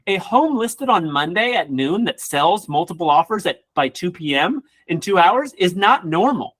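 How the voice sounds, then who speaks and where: Man, real estate coach, motivational class, energetic, joking asides, fairly high voice. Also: normal speed. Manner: energetic, acts out quoted people in voices.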